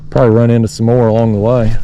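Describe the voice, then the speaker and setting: A man's voice: mid-range voice, flat delivery, very fast, warm tone, a little hiss or hum. A man casually narrating his fishing from a kayak on a lake, rambling folksily and talking to his viewers. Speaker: fishing vlogger. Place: kayak on a lake below a dam, outdoors.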